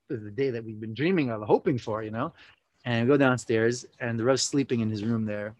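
A man's voice: mid-range voice, fairly quick, no echo, rough recording. Young man telling a story. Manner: animated, full of 'you know, like' fillers, acts out quotes. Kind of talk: casual personal storytelling.

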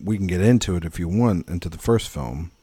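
A man co-hosting a casual film podcast, talking in animated, rambling tangents and swearing freely. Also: sits low, brisk, husky, no room sound. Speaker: podcast co-host. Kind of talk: casual film-discussion chat.

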